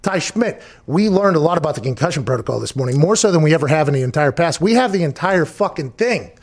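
A man's voice: on the high side, expressive, quick pace. A man hosting a sports talk show, rambling and emphatic in casual chat, swearing freely.

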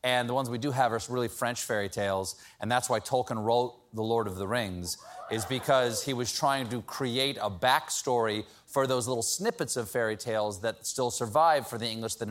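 A man's voice: medium pitch, normal speed. A middle-aged man hosting a casual question session with a studio audience, telling stories in a playful, self-mocking way. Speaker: talk show host.

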